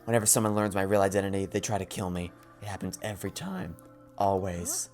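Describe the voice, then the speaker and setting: A man voicing a guarded teenage girl assassin, speaking flat, curt and withdrawn. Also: low voice, fast talker, soft background music.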